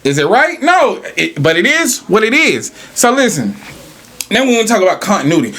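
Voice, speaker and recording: A man rants on his podcast in a fairly high voice. He is animated and profane, firing rhetorical questions and answering them himself. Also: normal speed. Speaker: podcast host. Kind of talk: casual podcast rant.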